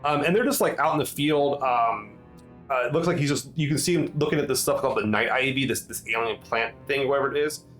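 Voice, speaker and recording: Halting man narrating as game master. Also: mid-range voice, a bit bright, soft background music, rough recording. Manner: halting, full of ums and restarts.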